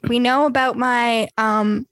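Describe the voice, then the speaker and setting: A young woman co-hosting a podcast, chatting casually with lots of fillers and quick laughs. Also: a little high, fairly even intonation, fairly bright tone, dry recording. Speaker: podcast co-host. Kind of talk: casual chat.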